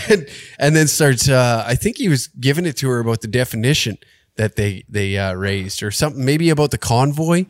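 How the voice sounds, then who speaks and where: Male comic co-host, mid-pitched, laughing, stumbling storyteller, dry close sound. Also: normal speed, no echo. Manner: laughs a lot, stammers and restarts when telling stories. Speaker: podcast co-host and comedian. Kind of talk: casual chat.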